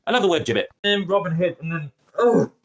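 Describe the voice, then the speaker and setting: A man's voice: high voice, expressive, fast talker. A man reviewing a TV episode to camera in an exasperated, sarcastic, slangy rant. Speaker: film and TV reviewer.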